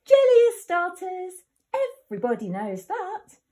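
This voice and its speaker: A woman voicing a small, boastful one-eyed wolf in a squeaky, excited voice. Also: a little slow, exaggerated voice.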